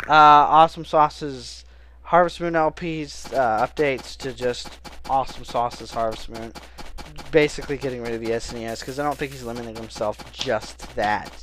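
A young man giving casual let's-play commentary, a loud, excitable talker who bursts into yelling. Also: fairly high pitch. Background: faint game music.

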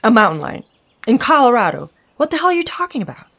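A woman's voice: on the low side, lively intonation, normal speed. A woman voicing an exasperated young woman hiker with a sarcastic edge.

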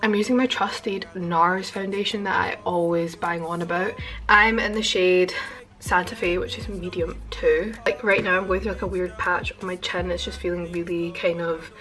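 A young woman chatting fast and casually through a makeup routine in her attic bedroom, full of fillers and self-deprecating asides. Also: lowish voice, fairly even intonation, fairly bright tone, faint music behind. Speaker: beauty vlogger. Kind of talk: casual get-ready-with-me chat. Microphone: camera on boxes at bed's end.

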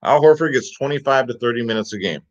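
A man's voice: medium pitch, fast talker. Hyped man rattling off fantasy picks. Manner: energetic, repeats "guys" and "get him in there". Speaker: fantasy sports picks host. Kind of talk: casual hyped picks rundown. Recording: slightly dull lo-fi audio.

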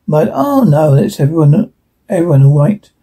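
Brief: man reading lines for a folksy rogue trader, gravelly, high-pitched. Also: very animated, normal speed, warm tone, full character voice. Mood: wheedling. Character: roguish smooth-talking male space trader.

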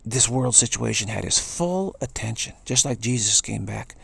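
A man with a deep, heavily gravelly voice gives an earnest spiritual talk. He repeats his key phrases and stumbles into restarts, and his husky tone sits in a dry, close-sounding space. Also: expressive, moderate pace, a bit bright, dry recording. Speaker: spiritual speaker.

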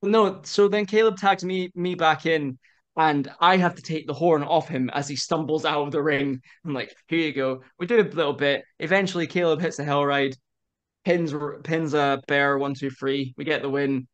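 A young man in his twenties chats on a video-call podcast in a fairly high voice. He tells a story in quick, animated bursts and laughs often as he goes. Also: lo-fi sound. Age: 20s. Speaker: guest wrestler. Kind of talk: casual interview chat.

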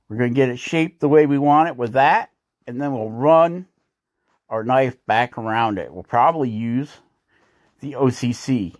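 A man with a mid-range voice hosts a woodcarving channel, narrating a casual carving tutorial in a folksy, joking, chatty manner. The recording is dry, with clean studio sound.

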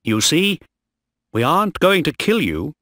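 A man's voice: fairly high pitch, big pitch swings, measured pace, pushed and bright, no room sound, clean studio sound, voice pushed up, heavily acted. A man reading a defiant, determined ship officer. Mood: commanding. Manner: earnest, determined.

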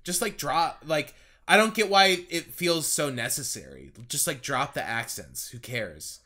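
Brief: male podcast co-host, bright lively voice, loose rambling delivery. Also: a little high, a little slow. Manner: rambling, animated, laughs often. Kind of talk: casual chat.

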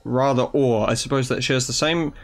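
A young man giving let's play commentary, excitable and sarcastic, who swears and reads the game's dialogue aloud. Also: mid-range voice, moderate pace. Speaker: gaming YouTuber.

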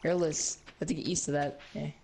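A man's voice: a little high, level tone, quick pace, creaky, a little mellow. A young man chatting casually and laughing while playing a game, freely sharing opinions, on a noisy home recording. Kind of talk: casual gameplay chat.

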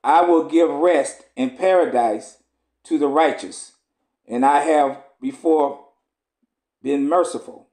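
A man reading the slow, measured lines of a stern divine power in archaic scripture language. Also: on the high side, a little mellow. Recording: roomy echo.

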